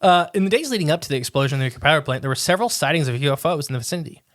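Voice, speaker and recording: A man co-hosting a casual podcast, chatting in a rambling way and reading quotes aloud haltingly. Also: a little high, expressive, fairly bright tone, no echo, clean studio sound. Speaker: podcast co-host.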